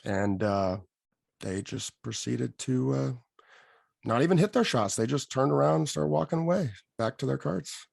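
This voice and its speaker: A man hosting a podcast, telling an animated story and acting out what people said. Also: medium pitch, normal speed, vocal fry, no room sound, studio quality. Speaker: podcast host. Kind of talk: casual storytelling.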